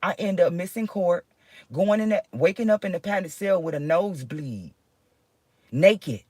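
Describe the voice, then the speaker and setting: A woman's voice: fairly low pitch, animated, unhurried, a little mellow. A woman rants straight to her viewers, agitated and swearing, tripping over her words as she restarts sentences. The sound is dry and close, with no room echo. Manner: agitated, profane, rambling with restarts. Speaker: vlogger. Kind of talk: emotional personal venting.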